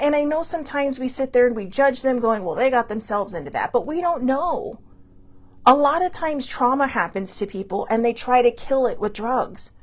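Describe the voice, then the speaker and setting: A middle-aged woman telling a personal story on her own show. Her voice sits a little high, and she talks in a candid, animated, conversational way. She swears freely when she gets indignant. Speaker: podcast host. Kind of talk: casual storytelling monologue.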